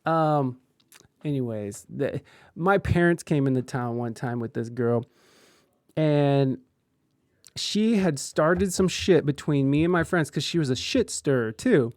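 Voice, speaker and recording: A man's voice: mid-range voice, lively intonation, measured pace, darkish tone, no echo, studio quality. A man streaming live, chatting casually and telling rambling, profane stories while reacting to videos.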